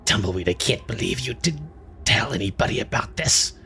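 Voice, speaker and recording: A man's voice: on the low side, animated, brisk, vocal fry, sharp tone, a little hiss or hum, exaggerated voice. A man voicing a young female lizard folk who speaks in a dry, exasperated, big-sisterly way. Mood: stern.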